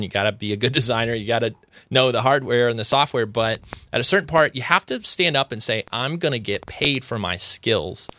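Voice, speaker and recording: Bright-voiced, rambling male podcast host. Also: mid-range voice, dry recording. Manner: rambling, restarts often. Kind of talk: casual podcast chat.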